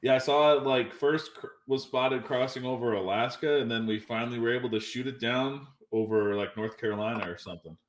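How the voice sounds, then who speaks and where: A man's voice: mid-range voice, a little fast, hardly any pauses. A man co-hosting a podcast in casual chat, laid-back and agreeable. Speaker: podcast co-host. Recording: roomy echo.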